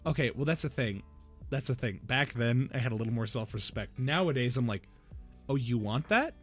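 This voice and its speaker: A young man hosting a casual chat, rambling and animated as he tells stories with many restarts and quoted lines. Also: medium pitch, fairly quick, soft background music. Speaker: podcast host.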